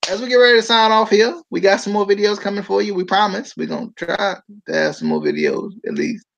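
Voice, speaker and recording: Co-host with an animated, swooping voice, playful and joking in loose chat. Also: mid-range voice, fast talker, vocal fry, highs cut off. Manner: joking, laughs often, lively. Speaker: podcast co-host. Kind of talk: casual chat.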